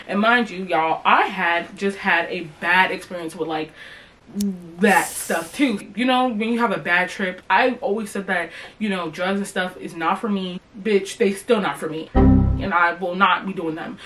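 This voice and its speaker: Profane animated young woman storyteller. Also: mid-range voice, normal speed, a little hiss or hum, rough recording. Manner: profane, animated, talks straight to viewers. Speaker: storytime vlogger. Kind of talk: casual storytime monologue.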